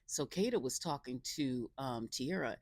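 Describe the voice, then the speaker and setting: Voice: medium pitch, animated, moderate pace, no room sound. A chatty reality show reviewer recaps an episode in a loose, rambling way, full of fillers and restarts. The voice sits in a middle register, recorded dry and close with no room sound. Sarcastic asides cut into the summary.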